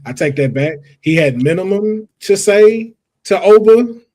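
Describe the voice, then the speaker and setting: Animated male podcast host. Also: high-pitched, a little slow. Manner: animated, emphatic, slangy. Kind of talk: casual chat.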